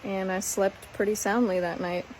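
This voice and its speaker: A woman from Minnesota telling a story in her vlog in a calm, matter-of-fact way. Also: mid-range voice, moderate pace, slight background noise, rough recording. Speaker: van lifer vlogger.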